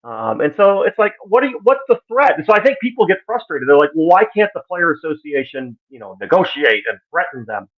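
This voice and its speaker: A man giving casual live-stream sports commentary, animated and exasperated, acting out the voices he quotes. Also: on the high side, fairly quick, hardly any pauses. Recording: tinny phone-like line.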